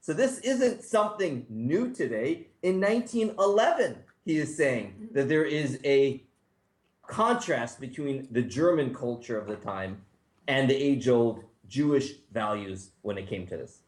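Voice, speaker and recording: A man, a rabbi, teaching a class in a relaxed, conversational way with frequent asides. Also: medium pitch, a little slow. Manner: conversational, thinks aloud, many asides. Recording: echoey room.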